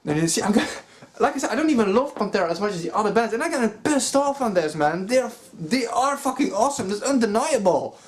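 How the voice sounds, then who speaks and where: Profane ranting man, pitched a bit high. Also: animated, quick pace. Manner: profane, exasperated, lots of filler like 'you know'. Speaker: metal vlogger. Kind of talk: angry commentary rant.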